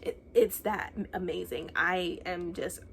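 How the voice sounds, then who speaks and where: A woman's voice: on the low side, unhurried, vocal fry, fairly bright tone, a little hiss or hum. A young woman from the United States chatting casually about books she loved, gushing and enthusiastic with many restarts. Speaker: book reviewer. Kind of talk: casual book wrap-up chat.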